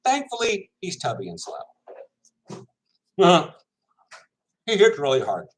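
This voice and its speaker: A man's voice: high voice, wildly swooping pitch, slow, rough recording. A man, a semi-pro linebacker, chatting casually to viewers, rambling, laughing often and correcting himself, with his mouth full.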